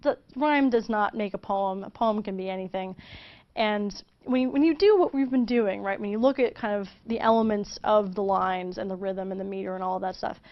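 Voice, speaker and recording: A woman teaching a video lesson in a loose, chatty way, full of fillers and quick restarts. Her voice sits at an ordinary middle pitch. The recording sounds a bit dull and lo-fi.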